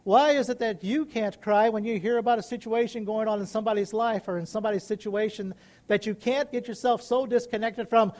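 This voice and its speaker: A man's voice: high voice, fairly even intonation, a little fast, darkish tone. A middle-aged male pastor preaching a sermon, rising into emphatic calls and questions to the congregation.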